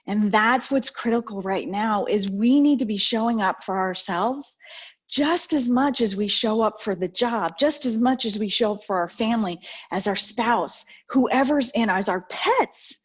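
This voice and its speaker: A woman's voice: a little high, unhurried, breathy edge. A middle-aged woman giving a motivational talk on a video call, telling personal stories and acting out the exchanges she quotes. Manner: lively storyteller, acts out quoted exchanges. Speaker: guest speaker. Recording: dull lo-fi video call audio.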